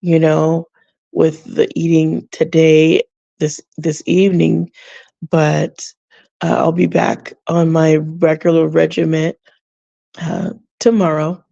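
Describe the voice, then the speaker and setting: A middle-aged woman with a gravelly, mellow voice talks casually and reflectively on her podcast, often breaking into soft laughs. The sound is dry and a little dull, as if from a basic home mic. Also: sits low, level tone, slow pace, no echo. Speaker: podcast host. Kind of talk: casual personal talk.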